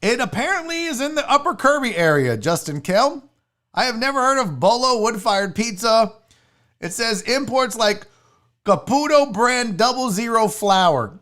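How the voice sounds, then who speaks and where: Woman streamer, blunt and profane, bouncy animated pitch, fairly high voice. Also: normal speed. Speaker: sports show host. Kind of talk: casual livestream chat.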